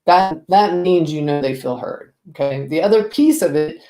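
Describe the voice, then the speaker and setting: Expressive woman business coach, echoey room. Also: sits low, normal speed. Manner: expressive, lively, direct questions to viewer. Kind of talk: to-camera coaching talk.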